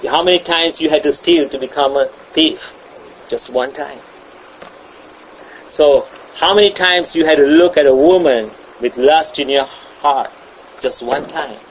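A man's voice: a little high, measured pace. A man preaching a sermon in an emphatic way, repeating and restarting his phrases and acting out the voices he quotes. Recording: dull lo-fi sound with faint ambient noise.

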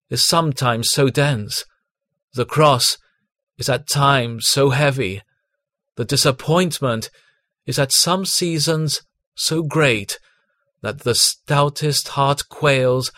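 Slow, solemn man reading a sermon. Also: medium pitch, fairly bright tone, no echo. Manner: slow, solemn, measured reading with long pauses. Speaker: devotional reader. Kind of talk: read devotional sermon.

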